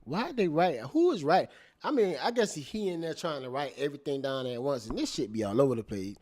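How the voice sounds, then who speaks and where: A man giving casual, profane commentary, animated and laughing, repeating phrases as he reacts. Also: a little high, fairly quick. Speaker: commentator reacting to court testimony.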